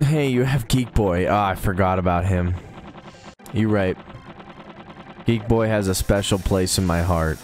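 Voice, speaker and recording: Young guy streaming games, deep voice, rambles, swears a lot, chill. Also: unhurried, pauses often, a little mellow, a little hiss or hum. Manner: rambling, laid-back, swears casually. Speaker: game streamer. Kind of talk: casual live-stream chat.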